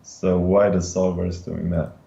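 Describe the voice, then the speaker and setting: A man speaking as a guest in a casual poker chat, calm, measured and modest. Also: low-pitched, vocal fry. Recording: dull lo-fi sound.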